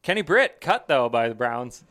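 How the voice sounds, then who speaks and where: A man's voice: medium pitch, very animated, moderate pace, a bit bright. A man hosting a casual sports podcast, loose and joking as he rambles. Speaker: podcast host.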